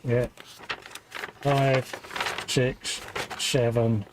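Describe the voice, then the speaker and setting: A man's voice: medium pitch, little pitch movement, drawn-out words, noisy background. A British man co-hosting a casual live stream, chatting and joking while assembling a model kit. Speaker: co-host.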